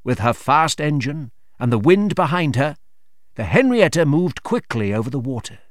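A man narrates a simple storybook clearly and expressively, his fairly high voice rising and falling in a lively way. The sound is dry and close, with no room around it. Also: moderate pace, dry recording.

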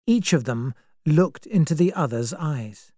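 A woman reading a story aloud as narrator, in a slow, measured way. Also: low voice, animated, dark tone, no room sound, clean studio sound.

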